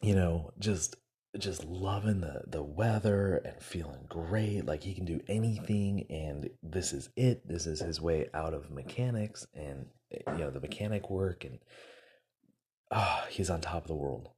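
A man's voice: low-pitched, a little slow, dark tone, slightly rough. A man casually retelling a success story to motivate his listeners, acting out the quoted lines and using many fillers.

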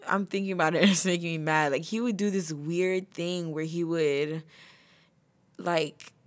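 Young woman, low voice, casual vlog storytelling, laughs often, filler words. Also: fairly even intonation, measured pace. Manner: chatty, laughs often, says "like" a lot. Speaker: vlogger.

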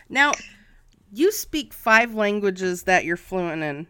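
A woman hosts a podcast interview with a bright, clear voice. She talks slowly and with enthusiasm. She often stumbles and repeats her words as she frames her questions. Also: medium pitch, sing-song. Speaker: podcast host. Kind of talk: casual interview chat.

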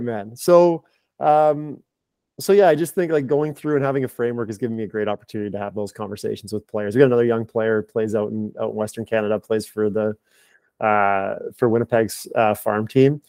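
Thirties male coach, low-pitched, casual rambling podcast talk, dry close sound. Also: fairly even intonation, brisk, a little mellow, clear, resonant tone, dry recording. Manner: candid, rambling, frequent fillers and restarts. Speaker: high performance director and strength coach.

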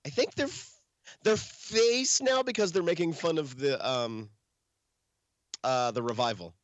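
A man co-hosting a casual podcast chat, mostly giving short agreeing replies and quick asides. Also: a little high, fairly bright tone, no echo, dull audio. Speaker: podcast co-host.

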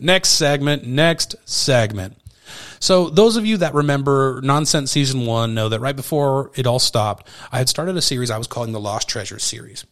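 A male podcast host with a mid-range voice relates a personal anecdote in an informal, animated style, acting out dialogue and swearing every so often.

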